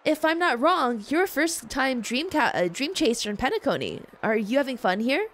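A woman voicing a polished young female luxury shop owner in a game, with a bright, gentle and politely formal manner. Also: high-pitched, sing-song, normal speed. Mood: polite, welcoming. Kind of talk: voicing unvoiced game dialogue.

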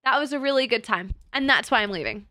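A woman's voice: a little high, expressive, quick pace, sharp tone, no echo, studio quality. A woman streamer chatting casually with her live chat, crude and teasing, laughing often.

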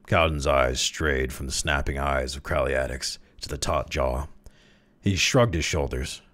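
A man reading a short story aloud, with lively delivery and amused asides. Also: very deep voice, a little slow. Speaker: reader.

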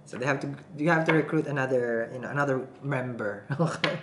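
A woman's voice: rumbling low, brisk. A woman giving a casual tarot reading to camera, chatty, laughing often and checking in with her viewers as she goes. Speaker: tarot reader. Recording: roomy echo, faint background noise.

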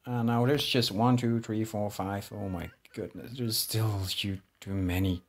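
Man, slow drawl, lowish voice, jittery gameplay commentary, swears a lot. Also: steady tone. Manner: jittery, swearing, talks to himself. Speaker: gameplay streamer.

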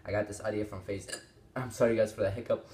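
Teen male reaction host, exclaims and rambles, low-ish voice in a roomy space. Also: steady tone, fast talker, darkish tone, slight background noise. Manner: rambling, exclaiming, swearing often. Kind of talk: casual reaction commentary. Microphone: small desktop microphone.

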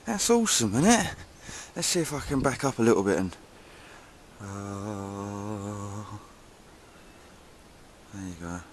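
A man's voice: lowish voice, animated, takes it slowly, pauses often. Self-mocking English man on a noisy walk. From England. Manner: chatty, self-mocking, jokey. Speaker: vlogger. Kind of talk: casual walking vlog narration. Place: outdoors among dunes and woods, walking in rain. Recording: noisy outdoor camera recording.

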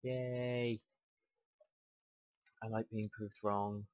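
A young man commentating a puzzle game, talking himself through each step and second-guessing out loud. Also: lowish voice, flat delivery, extremely slow, no room sound, rough recording. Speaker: gamer. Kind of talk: let's play commentary.

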